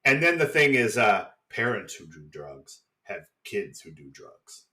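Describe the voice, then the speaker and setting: A man's voice: on the low side, big pitch swings, pushed and bright. Chatty, swearing male podcast co-host. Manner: swearing, chatty, acts out quick impressions. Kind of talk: casual chat recapping a TV episode.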